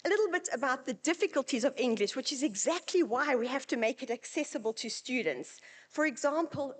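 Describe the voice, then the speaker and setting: South african lady presenting at a uni event, bit higher voice, chatty and joking. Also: sing-song, a little fast. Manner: chatty, anecdotal, lightly humorous. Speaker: university presenter. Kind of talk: conference presentation with slides.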